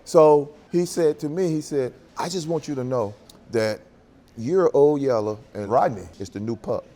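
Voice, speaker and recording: A man's voice: medium pitch, normal speed, warm tone. A man in his sixties telling stories in a roundtable chat, laughing and acting out dialogue. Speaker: former running back.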